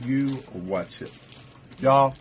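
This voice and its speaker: A man's voice: mid-range voice, drawn-out words, slight background noise. Chatty Texan man hosting a live sale. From Texas. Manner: chatty, greets viewers by name and calls them love. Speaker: online jewelry seller hosting a live sale. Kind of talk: live-stream sales chat.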